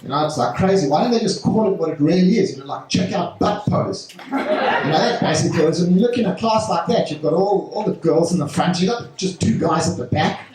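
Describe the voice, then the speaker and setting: A man doing a stand-up set on a club stage, talking haltingly with lots of fillers. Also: high-pitched, darkish tone, a little hiss or hum. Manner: halting delivery with many fillers. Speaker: stand-up comedian. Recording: echoey club from a distant mic.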